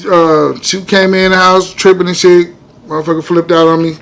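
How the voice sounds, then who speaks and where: A male comedian from Omaha tells a personal story on a casual podcast. His voice sits high for a man, and he curses freely. He grows louder and more animated when the story gets wild. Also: moderate pace, vocal fry, slight background noise. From Omaha, Nebraska. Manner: animated, profane storyteller, loud when excited. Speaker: guest comedian.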